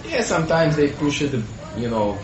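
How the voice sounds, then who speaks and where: A man's voice: a little high, very animated, moderate pace, muffled recording, crowd noise. A man speaking up in a class discussion in a loose way, with lots of "you know.". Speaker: class participant. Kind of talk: discussion comments. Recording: distant, echoey, very noisy room recording.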